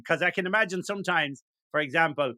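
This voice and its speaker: A man's voice: a little high, fast, bright, forceful tone, no room sound, clean studio sound. A man hosting a podcast interview, chatting casually and encouraging his guest with agreeing fillers. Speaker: podcast host.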